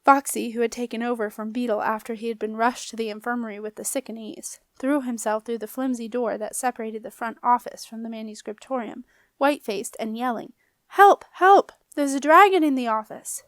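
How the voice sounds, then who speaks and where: A woman narrating a children's fantasy audiobook in a clear, expressive manner. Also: on the high side, brisk, no echo. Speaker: audiobook reader. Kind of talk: storybook narration.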